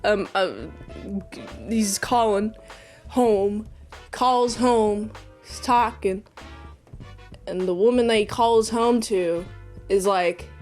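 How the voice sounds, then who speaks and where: High-voiced woman recapping a movie. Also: slow pace, faint music behind. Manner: rambling, sarcastic asides. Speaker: movie reviewer.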